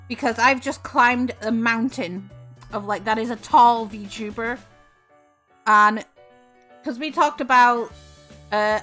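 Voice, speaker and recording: Bright, chatty woman streamer. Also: on the high side. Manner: bubbly, chatty, swears casually. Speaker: VTuber streamer host. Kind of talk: casual stream chat.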